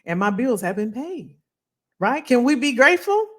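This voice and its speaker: Animated, preachy woman hosting a live stream. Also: on the high side, normal speed. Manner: animated, preachy and encouraging, repeats phrases. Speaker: livestream host reading viewer comments. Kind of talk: motivational live chat.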